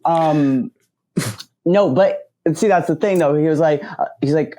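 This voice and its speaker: A podcast co-host with a mid-pitched voice, talking in casual chat. The story comes out animated, with the quoted back-and-forth acted out along the way. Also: unhurried.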